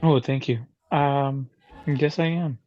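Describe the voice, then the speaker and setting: A man's voice: mid-range voice, steady tone, takes it slowly, a little mellow, dull audio, soft background music. A man appearing as a guest and quiz contestant, giving brief, polite replies.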